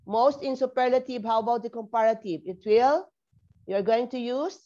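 A woman's voice: on the high side, normal speed, mellow, dull audio. A woman teaching a grammar lesson online, spelling words out letter by letter and checking in with "okay?" after many points. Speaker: English teacher.

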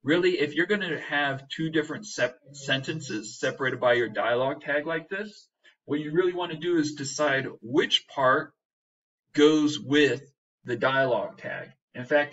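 A man's voice: mid-range voice, fairly bright tone. A male teacher explaining a writing lesson step by step, often checking in with "right?". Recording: distant, dull lo-fi mic.

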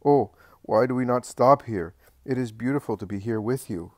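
A man's voice: mid-range voice, normal speed, no echo, studio quality, close to an everyday voice. A man reading the lines of Peter, an earnest and anxious male disciple, in a religious audiobook. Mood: earnest, worried.

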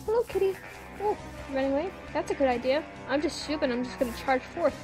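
Jumpy high-voiced woman gaming. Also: fast talker, over music. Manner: jumpy, gasping, talks to game creatures. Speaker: gamer. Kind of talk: let's play commentary.

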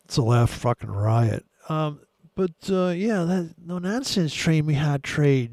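A man's voice: fairly high pitch, animated, normal speed, vocal fry, warm tone, dry recording, clean studio sound. A man giving crude, sarcastic commentary while trading live charts. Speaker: forex trader.

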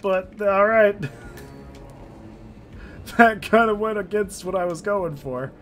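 A man giving casual let's-play commentary, excitable and jokey, swearing and laughing often. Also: high voice, takes it slowly. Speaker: gameplay streamer. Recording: faint game music behind.

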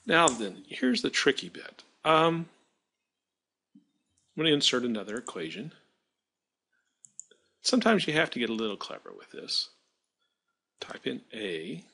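A male math teacher narrates a screen-recorded tutorial, his voice bright and a little husky. His pitch moves up and down a lot, and he thinks aloud as he works, stopping to fix his own mistakes. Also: very animated, measured pace, pauses often. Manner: thinking aloud while working, self-correcting.

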